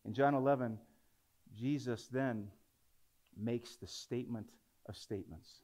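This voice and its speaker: Man, preacher, sermon, conversational tone, dramatic scripture reading, mid-pitched voice. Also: unhurried, darkish tone.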